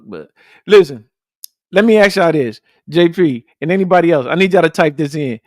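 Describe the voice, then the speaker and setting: A man hosting a casual podcast livestream, talking bluntly and with plenty of profanity. His voice sits a bit high for a man, and he keeps circling back to his points and calling out to the viewers. The sound is dry and close, with no room echo. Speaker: podcast host.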